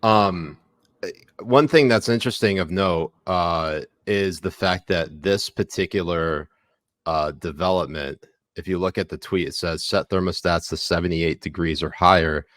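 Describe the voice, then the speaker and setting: A man with a low-pitched voice co-hosting a casual podcast. He jokes around, laughs easily and reads bits aloud. The sound is dry and close. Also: measured pace, a bit bright, dry recording. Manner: joking, laughs often, reads tweets aloud. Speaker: podcast co-host. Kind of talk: casual chat.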